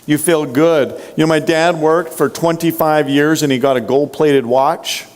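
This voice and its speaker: A man's voice: on the high side, steady tone, measured pace. A man giving a motivational sales training talk, punchy and full of rhetorical questions to the audience. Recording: long hall reverb.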